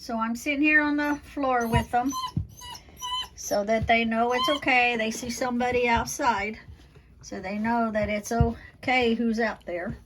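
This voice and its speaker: A woman vlogging casually from the floor of her home, talking slowly and fondly to her dogs. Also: fairly high pitch, steady tone, a bit bright, a little hiss or hum. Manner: slow, unhurried, talks fondly to her dogs. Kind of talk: casual home vlog chat. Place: indoors at home, sitting on the floor. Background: dogs barking.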